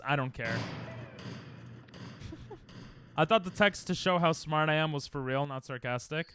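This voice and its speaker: A man's voice: a little high, bright, forceful tone. A young man streaming a game live at home into a desk mic, joking crudely and sarcastically with chat and snapping at the game in frustrated outbursts.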